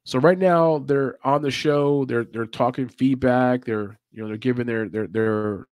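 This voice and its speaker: A laid-back man talks through a live stream in loose, casual commentary, laughing often. His voice sits at an ordinary middle pitch. The sound is dry and close, with no room around it. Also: unhurried, darkish tone, dry recording. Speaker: podcast host.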